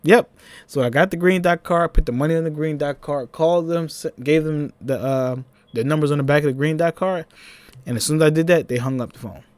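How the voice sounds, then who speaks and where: A young man with a Philadelphia accent, telling a personal story in a casual, animated vlog, with laughing asides. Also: a little high, brisk, no room sound.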